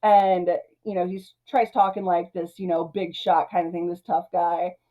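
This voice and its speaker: A woman's voice: fairly low pitch, flat delivery, moderate pace, muffled recording. A woman hosting a movie review, recapping the plot in a chatty way, laughing often and leaning on "like" and "you know.".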